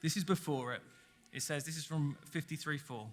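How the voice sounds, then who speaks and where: A man's voice: a little high, a little fast. A man preaching a sermon, telling stories and asking the congregation questions. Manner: conversational storytelling, asks the congregation questions. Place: church hall. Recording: long church hall reverb.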